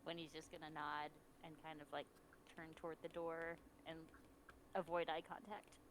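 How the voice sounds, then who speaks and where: A woman player explaining her character's thoughts in casual tabletop talk, slow and thoughtful. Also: low voice, little pitch movement, background noise. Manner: thoughtful, explaining slowly with fillers.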